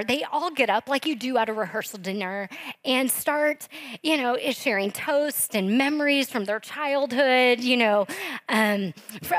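A woman's voice: a little high, fairly bright tone, dry recording, low-quality recording. A woman in her thirties giving a sermon to her congregation, telling a personal story in a chatty, informal way with plenty of fillers and asides. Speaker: preacher.

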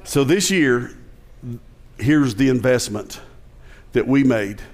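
A man's voice: mid-range voice, lively intonation, slow, creaky, a little mellow. A male pastor with a Southern American accent, preaching a conversational sermon with jokes and emphatic rising passages.

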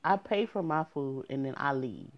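Young woman, frank and exasperated storyteller addressing viewers directly; low voice, dull recording. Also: lively intonation, normal speed. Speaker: storyteller vlogger. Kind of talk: casual storytime monologue.

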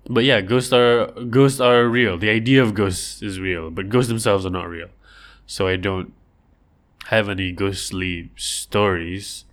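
A man chats casually on a livestream, his voice sitting a little low. He rambles and jokes through listener questions and slips into silly voices to act out small scenes. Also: a little slow, a bit bright.

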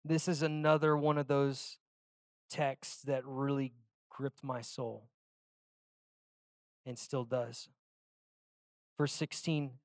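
A man preaching a sermon, telling a personal story in a conversational way, dropping to quiet asides and reading scripture slowly. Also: medium pitch, flat delivery, dry recording, studio quality. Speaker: pastor.

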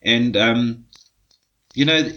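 A man's voice: mid-range voice, very slow, bright, forceful tone, highs cut off, slight background noise. A man co-hosting a casual podcast, speaking bluntly and swearing freely. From South Africa. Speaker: podcast co-host, blacksmith.

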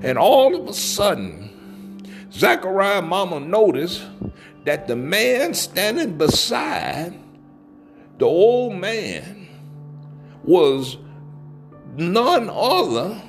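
A man's voice: sits high, sing-song, extremely slow, long pauses, soft background music. A man telling a folksy story aloud, leaning on key words and drawing them out.

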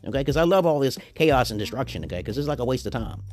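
Boastful man rambling fast, swooping pitch. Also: expressive, a little mellow, soft background music. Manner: crude and boastful, constant "okay?" tags. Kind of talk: rambling monologue to viewers.

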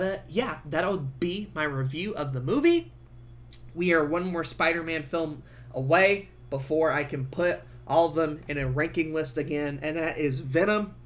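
A young man hosting a podcast, giving a casual movie review full of swearing and laughter. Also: on the high side. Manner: swearing, laughing, animated storytelling. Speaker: podcast host.

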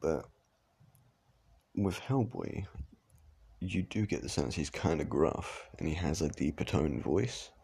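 A man talks through a casual reaction video in an extremely deep voice full of gravelly fry and a husky edge. He rambles, restarts his sentences and swears offhandedly. His commentary is loose and chatty. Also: expressive, takes it slowly, pauses often, mellow. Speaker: reaction vlogger.

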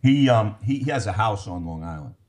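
Man, podcast guest, lowish voice, animated anecdote-teller, casual chat. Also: brisk. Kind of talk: casual interview storytelling.

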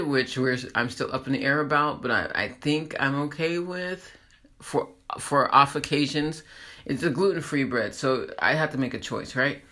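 A woman's voice: extremely low pitch, bright, forceful tone. A woman hosting a casual, rambling motivational monologue, laughing at herself as she encourages listeners. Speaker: host.

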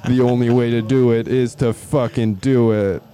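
Dude cracking wry jokes, swears a lot, warm mellow tone. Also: male voice, mid-range voice, steady tone, moderate pace. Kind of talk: casual chat.

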